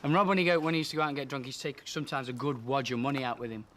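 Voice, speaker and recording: A man's voice: mid-range voice, steady tone, racing, noisy background. A young man chatting backstage, earnest and talkative, acting out quotes as he tells stories about his best friend. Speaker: best friend and tour companion. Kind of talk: casual backstage chat. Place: backstage room.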